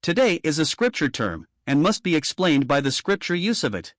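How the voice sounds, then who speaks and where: Guy reading an old theology book aloud, kinda high voice, calm and formal. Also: dry recording, clean studio sound. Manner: steady, measured, formal delivery. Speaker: audiobook reader.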